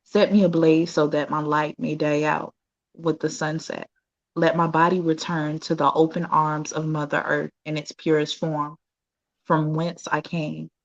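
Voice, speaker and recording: A woman reading her own poems aloud in a slow, solemn recitation. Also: deep voice, level tone, muffled recording. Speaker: guest poet.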